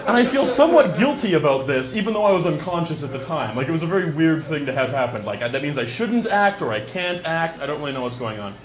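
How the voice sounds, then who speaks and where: Crowd noise surrounds a man doing wry, deadpan stand-up at a small venue, holding a handheld microphone. His voice sits a little high, and he slips in rapid asides.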